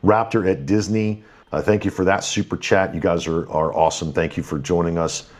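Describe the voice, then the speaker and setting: A man's voice: sits low, steady tone. A man hosting a live stream, thanking viewers and running through their messages in an upbeat, slightly tired way with lots of fillers. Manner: upbeat, thankful, quick rundown with fillers and restarts. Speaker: livestream host. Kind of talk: live stream commentary, reading super chats.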